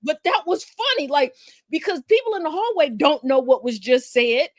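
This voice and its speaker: A woman hosting a casual chat, telling a family story with animated energy, acting out her relatives and swearing freely. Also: sits high, normal speed, no room sound, clean studio sound. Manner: animated storyteller who acts out family members. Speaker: host.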